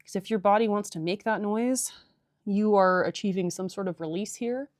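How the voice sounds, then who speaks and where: A woman's voice: mid-range voice, moderate pace, no room sound, clean studio sound. Chatty irreverent woman leading stretches. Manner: chatty, irreverent, joking asides. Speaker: yoga and stretching instructor. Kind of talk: casual guided stretching class.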